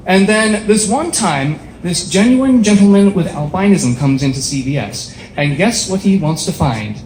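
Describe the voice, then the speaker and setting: High-voiced man doing deadpan stand-up. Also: fairly quick, a little hiss or hum. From upstate New York. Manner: deadpan, self-deprecating delivery. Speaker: stand-up comedian. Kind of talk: stand-up set. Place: small bar stage before a live audience. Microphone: speaking through a face mask. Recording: echoey bar room with faint ambience.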